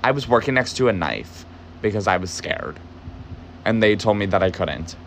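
A man's voice: fairly low pitch, lively intonation, moderate pace, vocal fry, fairly bright tone, slight background noise. A young man telling a story in a casual, agitated way, cursing often for emphasis. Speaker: podcast host, former barista.

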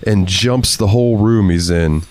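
A man's voice: lowish voice, unhurried, darkish tone. A man co-hosting a casual podcast, telling stories in a laid-back way with casual swearing. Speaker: podcast co-host. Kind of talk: casual chat.

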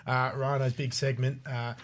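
A man's voice: mid-range voice, level tone, moderate pace. A man with an Australian accent hosting a racing podcast, jokey and steering the chat between segments. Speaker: podcast host.

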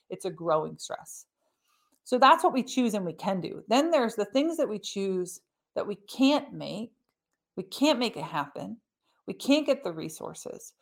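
A middle-aged woman hosting a podcast, explaining ideas in a lively, conversational teaching manner with asides. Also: medium pitch. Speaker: podcast host.

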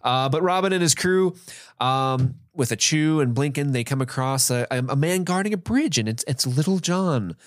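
A man co-hosts a podcast, casually chatting about a film in a medium-pitched, lively voice at a moderate pace. He laughs often and acts out lines from the movie in put-on voices.

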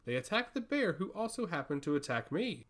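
Male narrator playing a proud, rude high priestess: curt and indignant. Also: big pitch swings, fairly quick, a bit bright. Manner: curt, indignant, sharply questioning. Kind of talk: audiobook fantasy reading.

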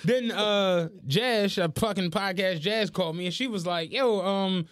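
A young man co-hosting a podcast, telling animated, profane stories in casual chat. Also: high voice, normal speed, no room sound, studio quality. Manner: animated storytelling, swearing. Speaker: podcast co-host.

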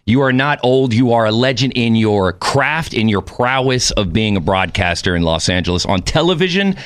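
A man's voice: medium pitch, lively intonation, moderate pace, a bit bright, no echo. A man hosting a podcast, chatting casually, joking and swearing freely. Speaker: podcast host.

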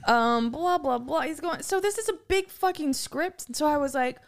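A woman's voice: high voice, expressive, moderate pace. A young woman in casual podcast chat, telling a story with lots of laughing and reading messages aloud. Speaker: guest.

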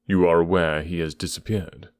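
A man voicing a brisk, sharp-witted male detective with a measured, probing, dryly ironic delivery. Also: low voice, fairly even intonation, no echo, clean studio sound, natural voice.

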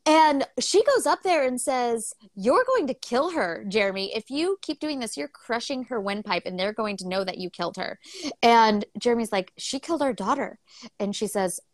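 Animated woman retelling a plot. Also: on the high side, normal speed, no room sound. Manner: animated storytelling, acts out quotes, swears casually. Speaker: podcast co-host. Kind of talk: casual book discussion, retelling the plot.

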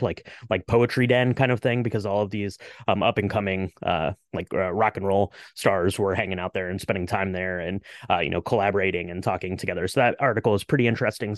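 A man's voice: fairly low pitch, no room sound, studio quality. A man in his thirties co-hosting a podcast, chatting loosely with lots of "uh" and "you know" as he explains a drink. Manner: relaxed, filler-heavy, explains things. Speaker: podcast co-host. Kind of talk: casual chat.

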